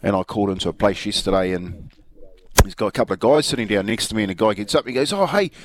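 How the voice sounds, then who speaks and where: A man's voice: fairly low pitch, very fast, crowd noise. A man with a New Zealand accent co-hosting a radio show in casual chat, telling anecdotes and chuckling often. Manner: chatty storyteller, chuckles often. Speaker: radio co-host.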